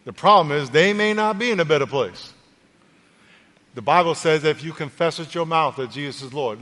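Brief man, pastor, earnest conversational preacher, slightly high pitch, church hall reverb with faint music. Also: fairly quick, a bit bright. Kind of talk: sermon and altar call. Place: church auditorium.

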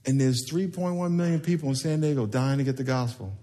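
A male pastor preaches in a church sanctuary, playful and conversational, leading the congregation in call-and-response. His voice is medium-pitched with a dark tone, and he speaks fairly quickly.

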